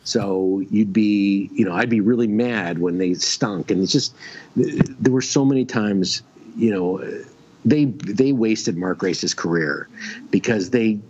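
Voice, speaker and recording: A man's voice: on the low side, a little slow, darkish tone, husky. A man guesting on a casual radio show, telling long stories with many restarts and fillers. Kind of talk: casual radio chat, storytelling. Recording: dull lo-fi stream audio.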